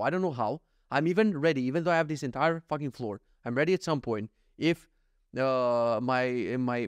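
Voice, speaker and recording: Animated, foul-mouthed man telling stories. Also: a little high, no room sound, studio quality. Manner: animated storytelling with heavy swearing; acts out quoted dialogue in his own voice. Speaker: vlogger. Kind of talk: casual podcast monologue.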